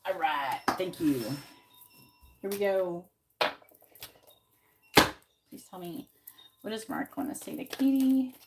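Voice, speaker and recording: A woman's voice: on the low side, sing-song, slow, long pauses. A woman doing a live tarot reading who talks bluntly and swears freely, repeating her questions again and again as she shuffles. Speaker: tarot reader. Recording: loud background noise on a live stream.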